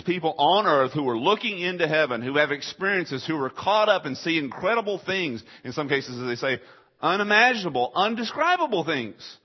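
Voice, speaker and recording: A man delivers a sermon in a husky voice, throwing rhetorical questions at his congregation and answering them himself. His delivery swings from hushed, low passages to loud, high-pitched emphasis. The recording is dull and lo-fi. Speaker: pastor.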